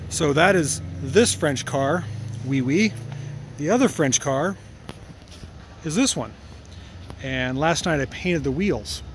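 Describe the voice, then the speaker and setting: A man's voice: on the high side, expressive, takes it slowly, long pauses, slight background noise. Chatty man touring his workshop. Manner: rambling, self-correcting, fond of the cars. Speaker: car restorer and channel host. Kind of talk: casual shop walkaround vlog. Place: home workshop and driveway.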